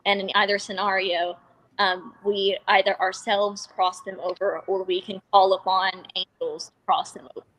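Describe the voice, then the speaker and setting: A woman's voice: medium pitch, flat delivery, moderate pace, fairly bright tone, rough recording. A woman in a casual chat, explaining things in a matter-of-fact way.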